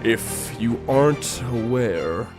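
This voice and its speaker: A man's voice: medium pitch, expressive, slow. A man voicing a matter-of-fact male god of sandwiches who explains things in a slightly formal way, over music. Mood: explaining.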